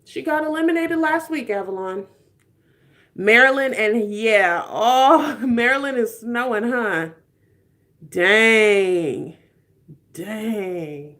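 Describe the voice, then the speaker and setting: A woman's voice: on the high side, lively intonation, measured pace, fairly bright tone. A woman in her twenties hosting a casual live stream, chatting with viewers in a playful way, laughing often and dropping slangy asides.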